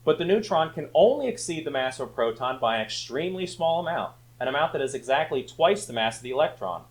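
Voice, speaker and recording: A man's voice: mid-range voice, expressive, fast talker. A man teaching a church Sunday school class, arguing his points emphatically and reading passages aloud. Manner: emphatic, rising to argue points.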